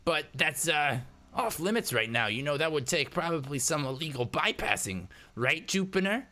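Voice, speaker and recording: Man doing a shrill paranoid hacker. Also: big pitch swings, moderate pace. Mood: suspicious. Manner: loud, suspicious, swearing. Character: jumpy, paranoid, foul-mouthed skinny young male hacker.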